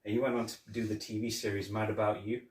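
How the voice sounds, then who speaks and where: Speaking fast in a lowish voice with little pitch movement, a man hosting a podcast chats casually about a film, rambling and retelling scenes with laughs. A distant mic gives the recording a roomy echo.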